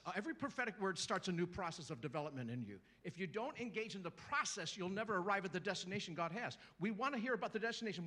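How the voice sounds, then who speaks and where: This lively guest preacher, a middle-aged man, jokes his way through a sermon for the congregation, acting out small voices and shouting out to the people. His pitch is high and his delivery quick, with barely any pauses.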